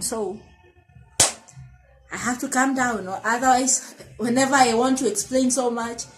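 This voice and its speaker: Woman in her 30s, slightly high voice, thinking out loud to camera, kinda confessional, faint music underneath. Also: fairly even intonation, unhurried, long pauses, low-quality recording. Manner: reflective and confessional, with frequent self-corrections. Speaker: vlogger. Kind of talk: candid personal monologue to camera.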